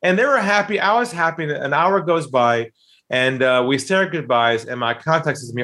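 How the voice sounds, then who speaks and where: A man's voice: on the high side, animated, moderate pace, sharp tone. A man telling a dramatic story about a sales call, acting out the quoted voices with emphatic delivery. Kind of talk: animated storytelling.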